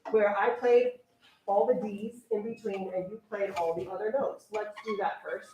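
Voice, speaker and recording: A young woman orchestra teacher directing a string rehearsal, briskly counting off and coaching her players. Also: medium pitch, steady tone, recorded from a distance, highs cut off, noisy background. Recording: echoey room, voice from afar, strings playing.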